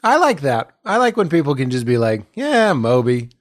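A man's voice: medium pitch, big pitch swings, fairly quick, dry recording, studio quality. A man chatting as a podcast guest in the host's home, riffing and joking. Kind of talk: casual chat.

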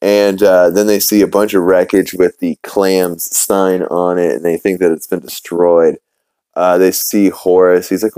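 Deep, smooth-voiced man rambling through a recap. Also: fairly even intonation, measured pace, warm tone, dry recording, low-quality recording. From New Orleans. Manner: rambling, many fillers, acts out quotes. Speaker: podcast host. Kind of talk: casual episode recap.

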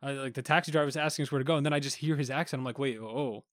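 A man of Caribbean background co-hosting a podcast, telling stories in an animated way and acting out what people said. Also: a little high, racing, no room sound, studio quality. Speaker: podcast co-host. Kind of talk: casual podcast storytelling.

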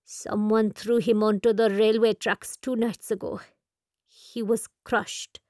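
A woman voicing a quiet, resolute nun. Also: medium pitch, level tone, takes it slowly, no room sound, clean studio sound, close to an everyday voice. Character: Catholic nun, grieving and resolute. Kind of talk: audiobook character voice.

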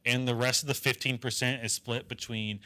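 A man's voice: medium pitch, flat delivery, fairly quick, sharp tone. A man co-hosting a casual comedic chat about politics, rambling and swearing, with many fillers. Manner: rambling, profane, lots of "like" fillers. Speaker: podcast co-host.

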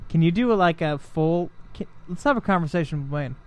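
A rowdy man chatting on a podcast, his voice sitting high and swinging widely in pitch. He swears freely and laughs between lines, keeping the talk loose and playful. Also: lively intonation, a little fast. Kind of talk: casual chat.

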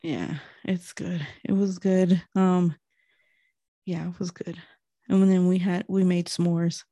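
A woman's voice: on the low side, flat delivery, slow pace, mellow, no room sound. A young woman co-hosting a podcast, chatting casually in a slangy, laughing, storytelling way. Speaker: podcast co-host. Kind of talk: casual chat.

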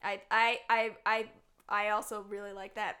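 A woman's voice: mid-range voice, level tone, moderate pace, sharp tone. A woman co-hosting a casual political chat podcast, sarcastic, swearing and laughing often. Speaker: podcast co-host.

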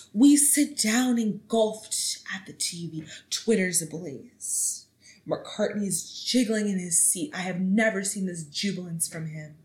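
Young female podcast host, chatty and theatrical, swings her pitch way up for emphasis. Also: poor audio. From Canada. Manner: animated, dramatic storytelling with sudden pitch jumps. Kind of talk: casual solo podcast commentary.

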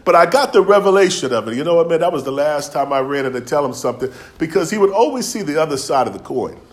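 A man's voice: fairly high pitch, expressive, fast. Man preaching a conversational sermon. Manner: storytelling, conversational, with dialect and laughs.

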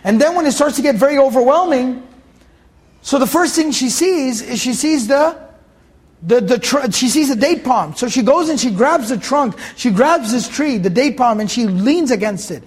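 A man. He explains Arabic words slowly and repeats each key phrase for his listeners. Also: extremely high pitch, lively intonation, slightly rough. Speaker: Quran teacher. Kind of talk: Quran commentary lecture.

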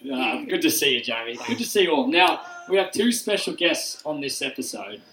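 A man co-hosting a live podcast, loud and joking, swearing casually as he introduces guests. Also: on the high side, big pitch swings, brisk, slight background noise. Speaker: podcast co-host. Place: room with a live audience. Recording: echoey room.

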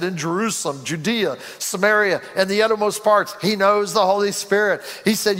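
A man with a high voice preaching a sermon to his congregation, pushing his points with rising emphasis and acting out quotes along the way. His voice rings through a church sanctuary with a long, reverberant tail. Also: fairly bright tone. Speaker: pastor. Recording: reverberant hall.

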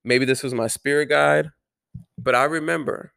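A man earnestly telling a personal story to camera, halting and restarting his words, with some swearing. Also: medium pitch, steady tone, creaky, sharp tone. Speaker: vlogger.

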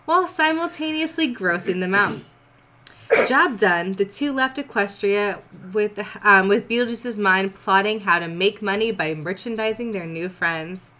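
Host: woman reading fanfic for laughs, wry asides, mid-pitched voice. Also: measured pace, pushed and bright. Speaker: podcast host reading fan fiction. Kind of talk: comedic dramatic reading.

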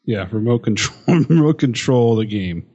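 A man's voice: medium pitch, lively intonation, normal speed, mellow. Guy w dry wry comments on a podcast, kinda muffled lo-fi sound. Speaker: podcast co-host. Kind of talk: casual chat.

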